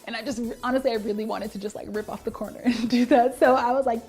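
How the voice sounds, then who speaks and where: A woman's voice: on the high side, fairly even intonation, fast talker, darkish tone, soft background music. A young woman answering viewer questions in a casual vlog, chatty with frequent laughs and fillers.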